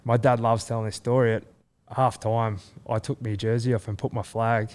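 A man's voice: mid-range voice, level tone, normal speed, darkish tone. An Australian man in his thirties, a rugby league player chatting as a guest, rambling with many fillers and restarts. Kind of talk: casual chat.

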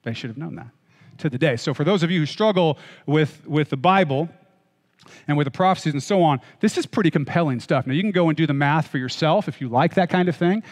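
Male pastor, slightly higher voice, preaching in a chatty, joking way; echoing hall. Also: quick pace. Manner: conversational, joking asides, checks in with listeners. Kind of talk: sermon. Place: church hall.

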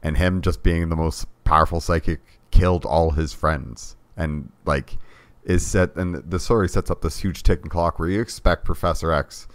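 A man co-hosting a podcast, talking about a movie in a loose, rambling way and often trailing off softly. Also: deep voice, fairly even intonation, normal speed, dry recording. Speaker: podcast co-host. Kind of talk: casual movie discussion.

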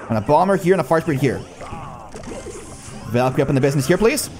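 A young man giving excited live commentary on his own gameplay, talking to his cards and his viewers and calling himself a nub. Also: on the high side, fast. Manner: excitable, talks to the cards and the viewers, self-mocking. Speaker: gaming YouTuber. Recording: faint music bed behind the voice.

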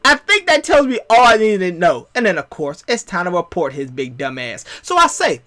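A young man from the US West Coast riffs over his football game with a high, lively voice that jumps all over. His tone is bright and forceful, and he tosses out slang and trash talk at his opponents between plays. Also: moderate pace. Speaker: gaming commentator. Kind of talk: casual gameplay commentary.

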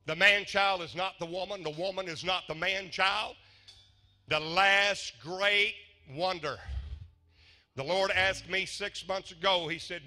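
A man preaching a revival sermon, swinging from hushed asides to shouting. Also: sits high, a little slow.

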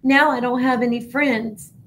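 A woman's voice: a little high, steady tone, normal speed, a little hiss or hum, pitched above the performer's own voice, close to an everyday voice. A woman reading aloud, voicing a small, shy young female remora fish who speaks tearfully in a storybook.

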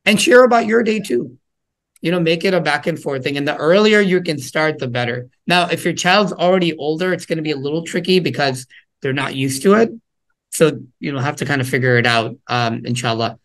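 This man speaks fairly high and a bit quickly, with a fairly bright tone. He's a parenting workshop speaker giving a casual, conversational talk to parents about listening to children, acting out short parent-and-child exchanges along the way.

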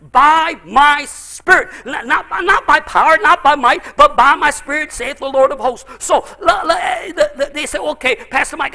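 High, bright-voiced preacher telling stories. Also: male voice, vocal fry. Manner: storytelling preacher, swings from loud exclaiming to low intensity. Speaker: pastor. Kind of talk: sermon.

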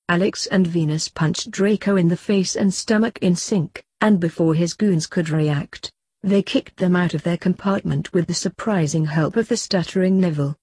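Low husky woman reading fanfiction. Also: normal speed, darkish tone, dry recording, clean studio sound. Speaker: fanfiction reader.

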